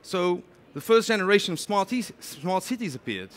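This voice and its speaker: A man giving a lively conference talk, chatty and animated, often saying "you know". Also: high-pitched, moderate pace. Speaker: conference speaker. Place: conference stage.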